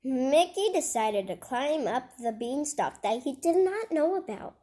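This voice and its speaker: Slow-reading woman with joking asides. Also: high-pitched, sing-song, warm tone. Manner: halting, repeats words, adds joking asides. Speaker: storybook reader. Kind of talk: reading a children's book aloud.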